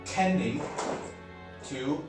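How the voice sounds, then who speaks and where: A man narrating a solo tabletop game, thinking aloud with many pauses and fillers. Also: on the high side, animated, echoey room, music in the background.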